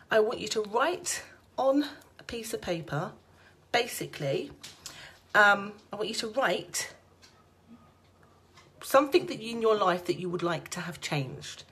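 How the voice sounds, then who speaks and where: A woman's voice: mid-range voice, fairly bright tone, husky. A woman, a psychic card reader, chatting on a casual live stream from home, laughing often and talking straight to her viewers.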